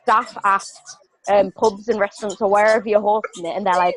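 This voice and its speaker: A woman on a team video call, chatty and excitable, thinking aloud about her plans. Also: medium pitch, normal speed, faint music behind, rough recording. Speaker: team member. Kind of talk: casual chat on a team call.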